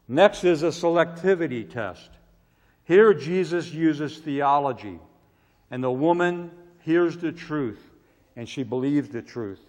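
A man preaching a sermon, swinging from loud pleading cries to hushed, quiet asides. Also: a little high, lively intonation, measured pace. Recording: long hall reverb.

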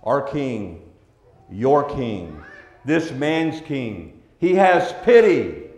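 A man preaching a sermon as a pastor, swinging between hushed, tender passages and loud, forceful ones. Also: medium pitch, big pitch swings, drawn-out words, vocal fry, roomy sound.

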